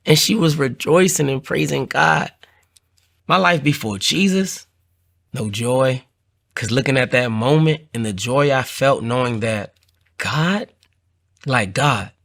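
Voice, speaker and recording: A man telling his own conversion story in an earnest, heartfelt way, often repeating phrases and lifting his voice as he recalls the moment. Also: pushed and bright. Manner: earnest, repeats phrases, rises in pitch when moved. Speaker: testimony speaker. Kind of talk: personal testimony.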